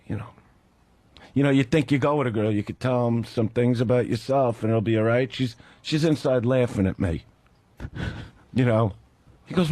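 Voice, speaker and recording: A man's voice: medium pitch, normal speed, no room sound. A man telling a long story as a radio show guest, acting out both sides of a phone call. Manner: animated, acts out both sides of phone calls. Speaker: guest comedian.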